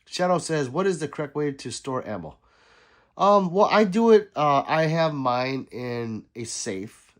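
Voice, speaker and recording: A man's voice: a little high, very animated, unhurried. A middle-aged man who is sick, hosting a casual livestream and reading viewer comments aloud with laughs and sarcastic asides. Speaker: livestream host reading chat.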